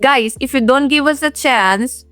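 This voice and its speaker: A young woman from Assam speaks English with an Assamese accent, her voice sitting a little high. She talks in an earnest, animated way as a podcast guest, and faint music runs underneath. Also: measured pace, no room sound. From Assam, India. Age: young adult. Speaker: esports caster, podcast guest. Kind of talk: casual chat.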